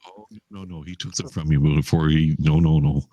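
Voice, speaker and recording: A man's voice: very deep voice, steady tone, moderate pace, mellow, no echo. A man playing a tabletop game, stumbling over his words and correcting himself mid-sentence. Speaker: player.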